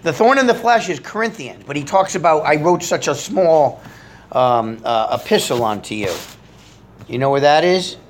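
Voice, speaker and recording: Lively middle-aged man preaching. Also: on the high side, normal speed, slight background noise. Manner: conversational, lively, reads scripture with rising emphasis. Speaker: pastor. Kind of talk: Bible study sermon.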